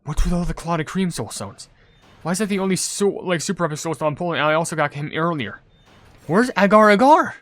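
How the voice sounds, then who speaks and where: A man doing casual gaming commentary, rambling with lots of "like" and "you know", turning loud and excited over game pulls. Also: a little high. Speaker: gaming YouTuber.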